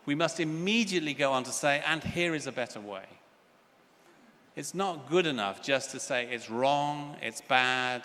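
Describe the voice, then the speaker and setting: A man's voice: medium pitch, a bit bright. Older man, conference lecture, earnest storyteller, echoing large hall. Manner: earnest, storytelling with child voices. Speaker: conference speaker. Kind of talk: plenary lecture. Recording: reverberant hall, faint ambience.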